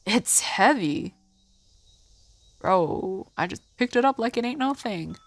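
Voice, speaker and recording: A woman streamer casually commenting on a game she is playing live, blunt and quick to swear. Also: on the high side, lively intonation, dry recording. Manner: blunt, swears, reacts aloud.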